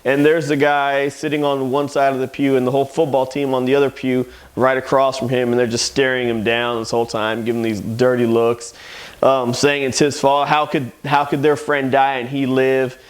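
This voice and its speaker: A man's voice: mid-range voice, flat delivery, moderate pace. A man who owns a comic shop and hosts a casual review show, loosely retelling comic plots. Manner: loose, rambling plot retelling. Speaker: comic shop owner and host.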